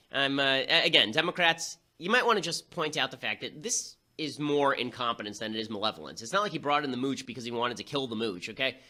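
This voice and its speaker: A man hosting a show, delivering a rapid-fire, sarcastic political commentary monologue with quick asides. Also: a little high, bright, forceful tone. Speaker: host.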